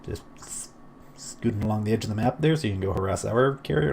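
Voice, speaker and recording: Low, gravelly male game streamer. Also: quick pace, darkish tone, slight background noise. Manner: rambling, self-deprecating asides. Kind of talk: casual gameplay commentary.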